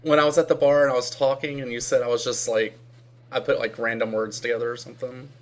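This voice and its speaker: A man co-hosting a podcast in relaxed, casual chat, mostly giving short replies and laughing easily. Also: mid-range voice, fast. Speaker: podcast co-host.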